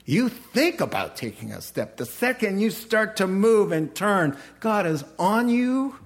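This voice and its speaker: Slow folksy preacher man. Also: high-pitched, sing-song. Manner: folksy, humorous, chuckling. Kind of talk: sermon.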